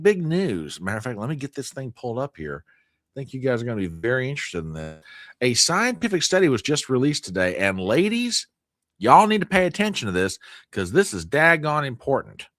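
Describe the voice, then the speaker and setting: A man's voice: mid-range voice, huge pitch swings, moderate pace, a bit bright, no room sound, clean studio sound. A man hosting a live news stream, joking with his chat in exaggerated mock outrage. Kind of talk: joking livestream commentary.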